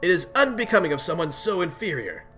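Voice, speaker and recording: A man's voice: on the high side, very animated, quick pace, fairly bright tone, faint music behind. A man voicing an arrogant, bossy teenage alien troll girl in a webcomic read-aloud, speaking haughtily and condescendingly. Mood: haughty.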